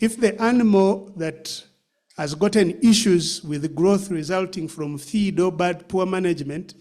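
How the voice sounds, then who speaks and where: A man's voice: sits high, a little mellow. A man giving a pig farming training session, answering questions with practical advice and plenty of hesitant fillers and restarts.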